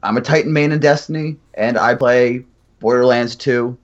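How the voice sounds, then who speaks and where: A man's voice: mid-range voice, moderate pace, dull audio. A man guesting on a casual podcast, introducing himself in an easygoing, jokey way. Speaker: podcast guest and co-host of another podcast.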